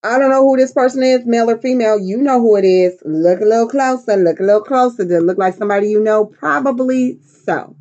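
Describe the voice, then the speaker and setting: A woman's voice: a little high, fast, few pauses, a little mellow, highs cut off. A middle-aged woman giving a casual tarot reading, brash and profane, clowning around with silly voices and bits of song. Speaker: tarot reader.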